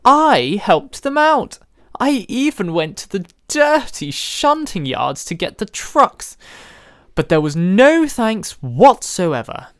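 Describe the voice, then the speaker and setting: Fussy prim lady railcar, high and huffy, swooping lively pitch, put on by the reader. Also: slow pace, no echo, studio quality. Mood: plaintive.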